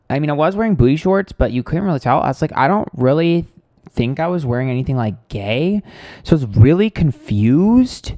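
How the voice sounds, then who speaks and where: Male tarot livestream host, chatty storyteller, swears freely, dry close sound, middle pitch. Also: a little mellow, no room sound. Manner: rambling, profane, exasperated. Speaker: tarot reader hosting a livestream.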